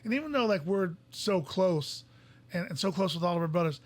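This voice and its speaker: A man's voice: sits high, animated. A man co-hosting a podcast, telling stories in casual chat and often repeating words as he goes. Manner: fast storytelling, restarts and repeats words. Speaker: podcast co-host.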